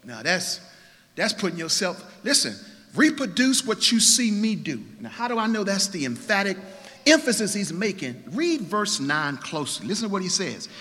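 A man preaching a sermon as pastor, emphatic, swinging between quiet and loud. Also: sits high, sing-song, normal speed, in a large hall.

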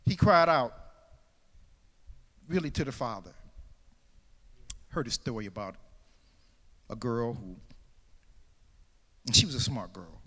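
A man preaching a sermon, swinging between loud shouted calls and quieter storytelling. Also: medium pitch, expressive, slow, pauses often, in a large hall. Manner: shouting and soaring, then dropping to a hushed storytelling tone.

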